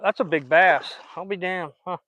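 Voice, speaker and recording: A man's voice: sits high, moderate pace, dry recording, lo-fi sound. A man, chatting folksy and casual while fishing outdoors on a riverbank and recording on a phone, sweet-talking the fish he catches. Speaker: fishing vlogger.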